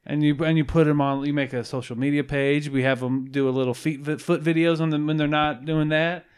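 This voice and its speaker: A young man co-hosting a podcast, trading crude jokes and sometimes sinking into a low, murmured mock-ASMR voice. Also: level tone, fairly quick, clean tone. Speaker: podcast co-host. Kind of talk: crude comedic podcast banter.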